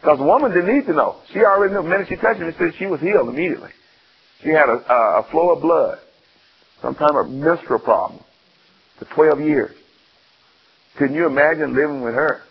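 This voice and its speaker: Gravelly male preacher on muffled radio. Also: fairly high pitch, brisk, pauses often. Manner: animated storytelling, acting out scenes and asking the audience questions. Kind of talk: sermon.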